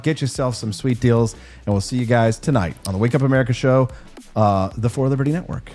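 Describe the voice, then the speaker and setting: A man hosting a casual talk show, chatting warmly with guests and plugging upcoming streams. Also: medium pitch, brisk. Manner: upbeat, friendly sign-off patter. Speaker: show host. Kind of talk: casual chat.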